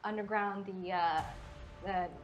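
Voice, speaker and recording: A woman's voice: medium pitch, steady tone, takes it slowly, dull audio, faint music behind. A woman game master narrating a tabletop game, describing scenes with many fillers.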